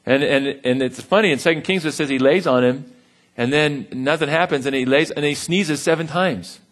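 A man preaching a sermon in a relaxed, conversational way, with humor and quick acted-out voices. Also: a little high. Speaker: pastor.

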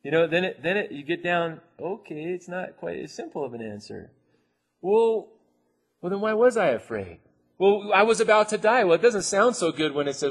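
A man's voice: high-pitched, expressive, moderate pace, breathy edge. A man preaching a conversational sermon, acting out the quoted voices and laughing now and then.

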